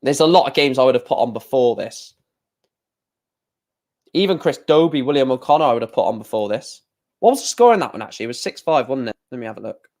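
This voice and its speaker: Young male streamer, casual darts caller, chatty and opinionated, grumbles about slow matches. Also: medium pitch, animated, a little mellow. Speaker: livestream watchalong host. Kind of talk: casual live darts commentary.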